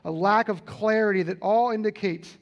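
High-voiced man preaching with repeated emphasis. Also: moderate pace, highs cut off. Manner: earnest preaching, repeats key lines for emphasis. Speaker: pastor. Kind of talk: sermon.

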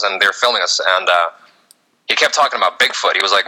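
A man with a low, very bright and forceful voice tells stories in a relaxed chat. He jokes constantly and breaks into laughter between anecdotes. He sounds like an easygoing guest talking with friends. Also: racing, low-quality recording. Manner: joking, animated anecdotes with laughter. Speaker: guest, former cooking-show contestant. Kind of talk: casual storytelling chat.

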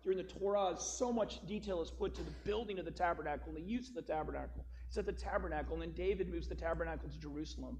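Man, pastor, sermon, high voice, emphatic storytelling, faint background hum. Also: fast talker, hardly any pauses, darkish tone. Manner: storytelling, emphatic, rising to stress key words.

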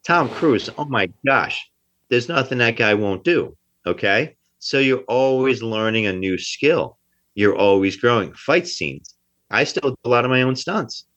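A man's voice: mid-range voice, lively intonation, unhurried, a bit bright. A man from New Jersey, an actor being interviewed, talking emphatically and often repeating himself. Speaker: actor guest. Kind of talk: casual interview talk. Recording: dull lo-fi sound.

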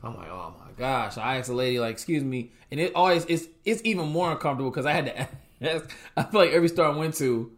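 A man's voice: fairly high pitch, fast, hardly any pauses. A young man, co-hosting with his wife, casually tells a story and acts out his own reactions. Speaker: co-host, husband.

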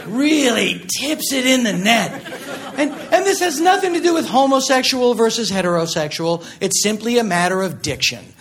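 A man performing a stand-up comedy set with a sardonic, deadpan delivery. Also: sits high. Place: comedy club stage before a laughing audience. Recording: live recording with audience noise.

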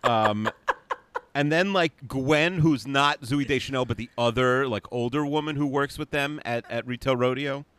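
A young man co-hosting a podcast, recapping a movie plot in a hesitant, halting way. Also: mid-range voice, fairly bright tone, clean tone. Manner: hesitant, many fillers and restarts, dry. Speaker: podcast co-host.

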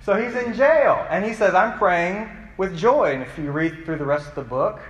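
A man's voice: a little high, very animated, a little fast, echoey room, in a large hall, muffled recording. A man preaching a youth sermon as the youth pastor, telling stories in a conversational way and asking the audience questions. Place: church hall.

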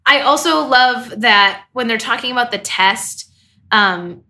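A young woman co-hosting a casual recap chat, her voice bright and fairly high. She talks with easy enthusiasm, laughs often and swears without a second thought. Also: a little slow. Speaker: podcast co-host.

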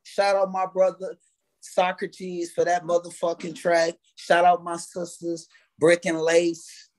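A man's voice: sits high, monotone, slow pace. A man, a guest artist telling stories in a casual interview, swearing freely and acting out his own past reactions. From United States.

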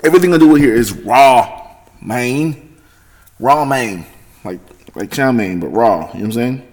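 A man hosting his own podcast, talking in a rambling, profane monologue that swings between loud excitement and low mutters. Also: unhurried. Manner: rambling, heavy swearing, self-correcting. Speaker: podcast host. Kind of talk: casual solo monologue.

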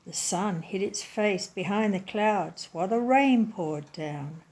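Lady reading a kids' bedtime story, slow and gentle, nice clear words. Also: medium pitch. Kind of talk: reading a children's story aloud.

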